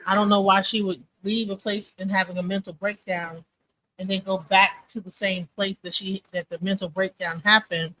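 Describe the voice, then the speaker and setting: Bright-voiced woman rambling on a stream. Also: mid-range voice, poor audio. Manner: rambling, often says "you know what I'm saying". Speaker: co-host of a live commentary stream. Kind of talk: casual commentary.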